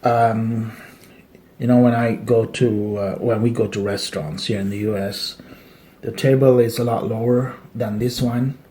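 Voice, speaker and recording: A man's voice: mid-range voice, fairly even intonation, unhurried, mellow, slight background noise. A man, patiently walking through a casual eating demonstration at a dining table with small jokes along the way. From Malaysia. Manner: joking, patient step-by-step instructions. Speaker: cultural etiquette instructor.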